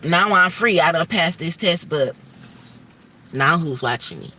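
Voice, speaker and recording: A woman's voice: fairly low pitch, lively intonation, a little slow, bright, forceful tone, distant mic, slight background noise. A woman hosting a livestream, talking candidly and emphatically about faith and stress and swearing freely. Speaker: livestream host.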